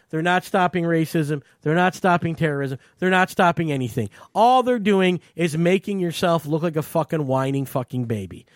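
A man's voice: high voice, dry recording, studio quality. A man co-hosting a talk show, ranting heatedly and swearing often. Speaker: podcast co-host.

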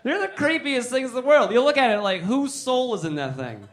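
A man's voice: very high-pitched, sing-song, fairly quick. A man doing stand-up comedy, rambling, joking and talking with the crowd.

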